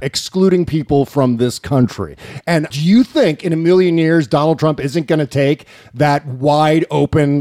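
A man's voice: a little high, a little mellow, dry recording, clean studio sound. A man hosting a political podcast, ranting with indignation and swearing freely. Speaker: podcast host. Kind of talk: political talk show banter.

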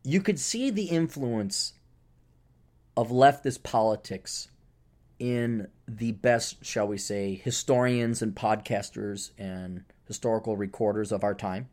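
A man hosting a casual solo podcast, ranting sarcastically, swearing casually and mocking others in high put-on voices. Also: slow, darkish tone. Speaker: podcast host.

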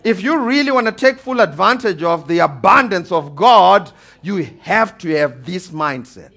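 Speaking at a normal speed, this pastor has a voice that sits high with vocal fry. He addresses the congregation with animation, asking for amens as his sermon climbs to emphatic high points.

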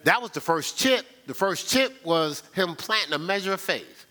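Animated man preaching a sermon. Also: moderate pace. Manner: preaching with sudden rises and drops in pitch, call-and-response "right?"; repeats words when starting phrases. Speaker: pastor.

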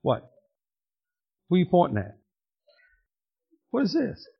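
A man's voice: sits high, huge pitch swings, takes it slowly, creaky, husky. An older man preaching a sermon to his congregation, telling family stories in a folksy way and teasing people in the pews. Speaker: pastor. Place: church sanctuary. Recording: muffled lo-fi church recording.

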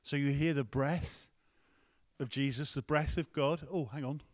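A man's voice: mid-range voice, steady tone, measured pace. A man preaching a conversational sermon, breaking off to ask the room and the tech team for help. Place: church hall with a screen.

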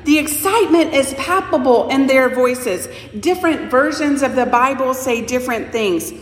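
A woman preacher giving a sermon, telling the story slowly and expressively and voicing the people in it. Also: sits high. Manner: slow, expressive storytelling with voiced quotes. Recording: echoey church hall with long reverb.

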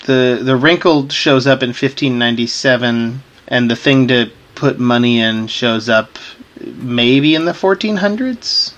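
A man's voice: mid-range voice, measured pace, fairly bright tone, lo-fi sound. A young man co-hosting a podcast, chatting casually and wryly. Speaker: podcast co-host. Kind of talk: casual chat.

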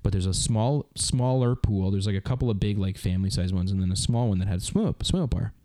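A man's voice: fairly low pitch, quick pace, mellow, no room sound. A Canadian man in his thirties hosting a podcast, telling a rambling story with lots of fillers in a casual chat. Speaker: podcast host.

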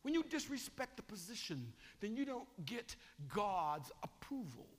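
A man preaching a sermon as bishop, swinging from shouting to chatty asides. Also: high voice, big pitch swings, unhurried, big-room sound. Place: church sanctuary.

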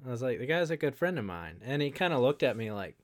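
A man's voice: medium pitch, big pitch swings, fast. A man chatting casually and telling a story, with lots of quoted dialogue. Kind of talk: casual conversation.

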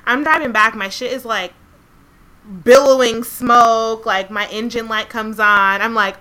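A young woman co-hosting a podcast, telling a story in a casual, animated way with a lot of swearing. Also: fairly high pitch, unhurried. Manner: animated, profane, laughs often. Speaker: podcast co-host.

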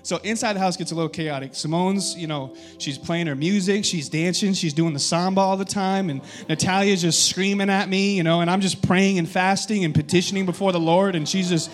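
A young man, a pastor, preaching a sermon, telling a story and building to loud, urgent exhortation. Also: high-pitched, fairly even intonation, a little fast, few pauses. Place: church sanctuary.

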